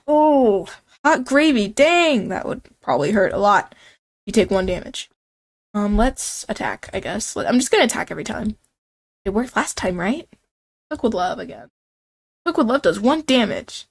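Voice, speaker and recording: A woman's voice: medium pitch, expressive, normal speed, gravelly. A woman streaming a game, reading its lines and reacting in a casual, self-mocking way. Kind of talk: game commentary reading dialogue.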